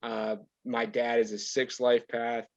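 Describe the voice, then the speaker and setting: A man's voice: medium pitch, little pitch movement, a little slow, a little mellow, dry recording, muffled recording. A man in his twenties, a podcast guest, chatting casually in a laid-back, rambling way and laughing often. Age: 20s. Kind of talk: casual chat.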